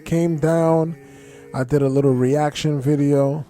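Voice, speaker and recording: A man with a New Jersey accent co-hosting a podcast in relaxed, slangy chat. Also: on the high side, a little slow, faint music behind. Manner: laid-back, slangy and chatty. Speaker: podcast co-host. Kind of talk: casual chat.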